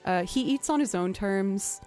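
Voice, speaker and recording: A woman streamer chatting casually with her viewers between songs, thanking them and filling pauses with "um". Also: mid-range voice, animated, darkish tone, soft background music. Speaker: streamer and musician. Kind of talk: casual live-stream chat.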